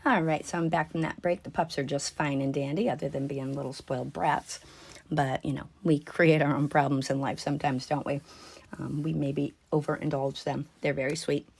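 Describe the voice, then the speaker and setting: A woman's voice: deep voice, steady tone, moderate pace, vocal fry, a little mellow, breathy edge. A woman chatting casually to her viewers as she unboxes and shows off jewelry at home, gushing over the pieces.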